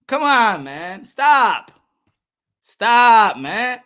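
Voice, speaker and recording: A boxing commentator rants heatedly on a livestream, reading and responding to his chat with lots of profanity and repetition. His voice sits high and is a bit bright, sing-song, with drawn-out words.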